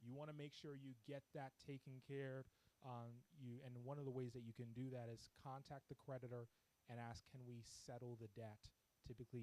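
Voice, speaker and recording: A man's voice: medium pitch, a little mellow, poor audio. A man speaking to a congregation about finances in a conversational way, often checking in with the audience. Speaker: church seminar speaker. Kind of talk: practical finance talk to a congregation.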